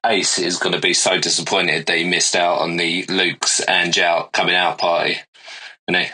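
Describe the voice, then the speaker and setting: Low-voiced london guy running the footy pod, short dry lines. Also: little pitch movement, normal speed, sharp tone, slightly rough, rough recording. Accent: London English. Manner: steering, dry, brief. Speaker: podcast host. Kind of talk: casual football chat.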